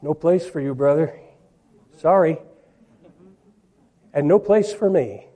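In a mellow voice of fairly high pitch, a preaching man reads scripture aloud. His pace is slow, and he delivers key words with heavy emphasis.

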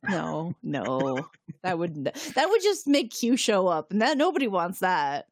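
A woman's voice: fairly low pitch, a little slow, dry recording, studio quality. Woman casually recapping an episode. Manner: animated retelling, acting out characters' lines. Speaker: podcast host recapping an episode. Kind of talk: casual chat.

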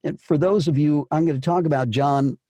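Husky-voiced male voice coach. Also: a little high, brisk, dark tone, dry recording. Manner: emphatic, repeats and restarts phrases. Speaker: voice acting coach. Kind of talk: coaching session.

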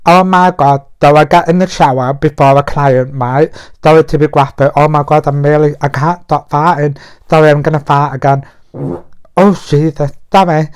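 Male podcaster, higher-ish clean voice, filthy nonstop rambling monologue from his bedroom. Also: steady tone, moderate pace, clear, resonant tone. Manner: crude, rambling, talks nonstop. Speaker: podcast host. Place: bedroom in a flat.

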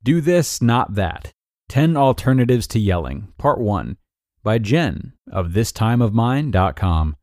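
Expressive male podcast narrator. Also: lowish voice, takes it slowly, no room sound, studio quality. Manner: upbeat, expressive reading with emphatic rises. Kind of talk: reading a parenting blog article aloud.

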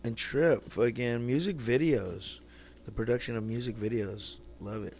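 A man's voice: mid-range voice, moderate pace, darkish tone, a little hiss or hum. A young man from California hosting a casual solo podcast, talking in a laid-back, slangy and profane way. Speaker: podcast host.

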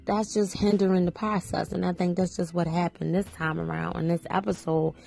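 A woman's voice: lowish voice, fairly even intonation, normal speed, gravelly, few pauses, dark tone, faint music behind. A woman hosting a podcast, giving casual opinions on a reality show in a chatty way, full of "you know" fillers. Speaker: podcast host.

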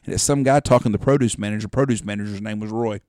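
A man's voice: on the low side, racing, darkish tone, no room sound, studio quality. A middle-aged man, telling rambling, profane hunting stories as a podcast co-host. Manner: rambling, profane storyteller who acts out quotes. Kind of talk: casual storytelling chat.

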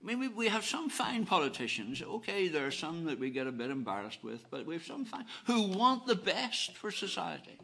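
A man preaching a sermon, earnest and emphatic, repeating phrases and swinging between soft and loud delivery. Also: high-pitched, sing-song, a little fast, creaky, few pauses, slightly rough.

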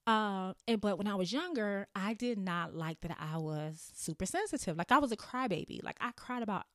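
A woman in her thirties hosts a podcast, telling her own story candidly and playfully and laughing often. Her medium-pitched voice has lively intonation, a moderate pace, and a slightly bright tone, captured in a studio-quality recording with no echo.

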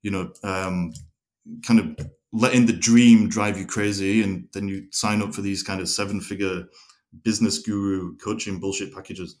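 A man's voice: low voice, steady tone, moderate pace, a little mellow. A man hosting a podcast who also works as a coach, speaking bluntly and thoughtfully, now and then swearing. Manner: blunt, reflective, occasional swearing. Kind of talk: casual podcast conversation.

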